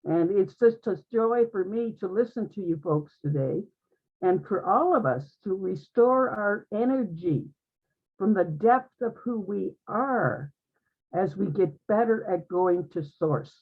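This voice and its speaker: Husky woman on a tinny line. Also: medium pitch, lively intonation, measured pace. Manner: earnest, uplifting, repeats phrases. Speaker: guest speaker in an online group conversation. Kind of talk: inspirational spiritual talk.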